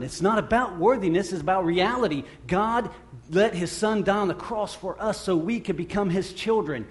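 Middle-aged man, pastor preaching, a touch high-voiced, earnest, full of restarts and swelling emphasis. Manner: earnest, halting with repeated restarts, swells loud when acting out scripture. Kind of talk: sermon.

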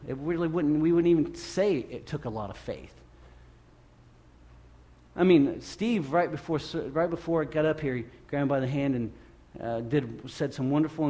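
Male pastor, middle-aged, slightly raised pitch, chatty and self-deprecating sermon delivery that jumps into emphatic high bursts. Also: expressive, moderate pace, mellow.

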